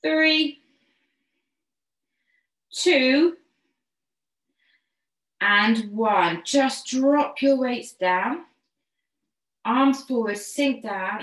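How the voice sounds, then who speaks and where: A woman's voice: sits high, lively intonation, extremely slow, long pauses. Woman counting out pilates reps. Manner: encouraging, counts reps and gives step-by-step cues. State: slightly out of breath. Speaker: fitness instructor. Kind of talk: online pilates class instruction. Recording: echoey room.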